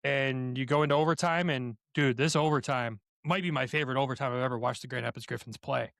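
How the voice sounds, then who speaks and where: A man's voice: medium pitch, fairly even intonation, fast talker, vocal fry, fairly bright tone, no room sound, studio quality. A man co-hosting a hockey podcast, recapping games with energy, step by step. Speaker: podcast co-host. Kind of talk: game recap commentary.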